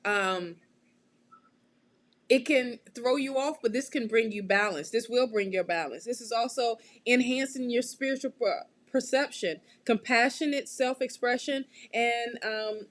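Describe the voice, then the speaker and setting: A woman hosting a live tarot reading, chatty and quick to laugh, often checking in with her listeners. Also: on the high side. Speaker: tarot reader and show host.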